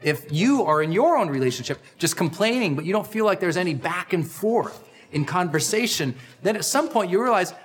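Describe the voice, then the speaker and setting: A middle-aged man hosting a personal growth podcast, giving an energetic, emphatic motivational talk. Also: brisk, slight background noise. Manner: energetic, emphatic, acts out quoted lines with big pitch swings.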